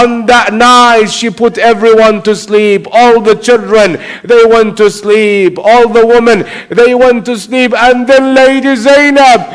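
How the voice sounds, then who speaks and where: High-voiced man preaching a slow mourning sermon. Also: fairly bright tone, clean tone, low-quality recording. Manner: slow, emotive, repetitive storytelling.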